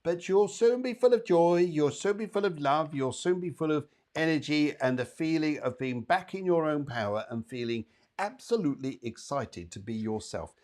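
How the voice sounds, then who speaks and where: A man's voice: on the high side, normal speed, a little mellow. Chatty male psychic medium host. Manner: chatty and upbeat, addresses viewers by name. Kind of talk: live psychic readings.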